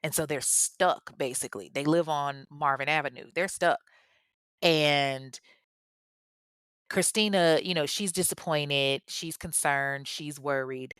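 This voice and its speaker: A woman casually telling a true crime story, animated and chatty, drifting into tangents and casual swearing. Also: sits low, a little slow, smooth, no room sound. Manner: animated and chatty, acts out the people she quotes.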